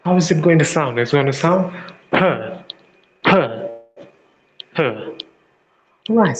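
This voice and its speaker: A man teaching a language lesson, speaking deliberately and repeating each sound several times for his students. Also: fairly high pitch, darkish tone, low-quality recording. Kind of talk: slow classroom-style lesson.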